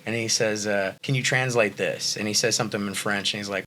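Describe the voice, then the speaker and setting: A man co-hosting a casual movie review chat, talking in animated bursts with swearing and laughs. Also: lowish voice, fairly quick, a little hiss or hum. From Texas. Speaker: podcast co-host.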